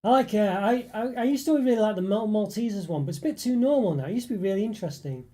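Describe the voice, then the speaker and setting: A young man from northeast England hosts a casual livestream, reading the chat and rambling along with viewers, full of fillers and restarts. His voice sits high, warm and animated, and he talks quickly.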